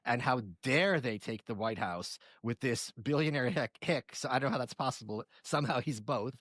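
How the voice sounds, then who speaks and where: A man's voice: mid-range voice, normal speed, a bit bright, no echo. A man in a casual panel chat, making sarcastic, mocking asides.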